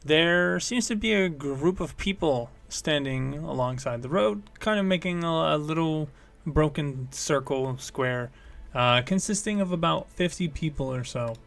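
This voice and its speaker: A man's voice: a little high, expressive, measured pace, vocal fry, hardly any pauses, a bit bright. A man narrating as game master of a tabletop game, rambling, with many fillers and self-corrections.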